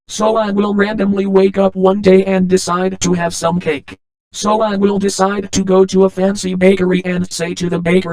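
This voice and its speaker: A man voicing a boastful, crude male robot monster, telling a deadpan comedic monologue. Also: sits high, moderate pace, smooth, low-quality recording.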